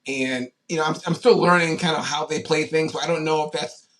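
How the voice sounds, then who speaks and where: Higher-voiced man telling animated stories. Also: fairly quick, slight background noise. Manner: animated anecdotes, many fillers and restarts. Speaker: former pro football player, guest. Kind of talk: casual interview storytelling.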